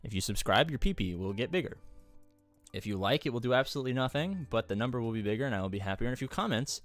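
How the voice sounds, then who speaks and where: A man's voice: mid-range voice, lively intonation, quick pace, faint music behind. A man streaming live, talking casually in a rambling, jokey way and swearing freely. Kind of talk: casual livestream chat.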